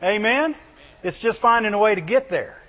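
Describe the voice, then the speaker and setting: A man's voice: high voice, animated, normal speed, a bit bright. A man preaching a conversational sermon, often checking in with the congregation and chuckling between points. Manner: keeps asking the congregation "right?" and "amen?". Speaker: pastor. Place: church hall. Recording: dull lo-fi sound with long hall reverb.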